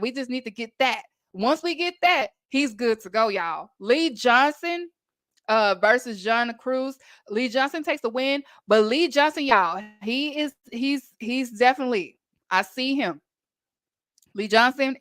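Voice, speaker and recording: A woman's voice: on the high side, fairly bright tone, dry recording. A woman from Texas with a Texan accent, hosting a casual wrestling recap podcast and chatting emphatically to listeners.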